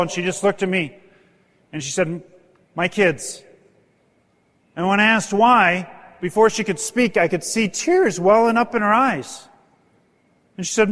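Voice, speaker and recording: A man telling heartfelt stories to an audience in an earnest, emotional manner, as a motivational speaker. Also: fairly bright tone. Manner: earnest, emotional, rises in pitch when stirred. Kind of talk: storytelling speech to an audience. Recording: long hall reverb.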